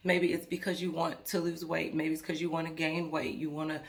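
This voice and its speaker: A woman's voice: low voice, level tone, a little fast. A woman vlogger talking casually and earnestly to her viewers, rambling with frequent restarts as she speaks to them directly. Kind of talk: casual talk to camera.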